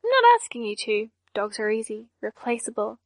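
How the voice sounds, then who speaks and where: A woman doing a deadpan, emotionless villainess. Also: on the high side, normal speed, no room sound. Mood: flat. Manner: monotone, deadpan delivery. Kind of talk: audiobook character voice.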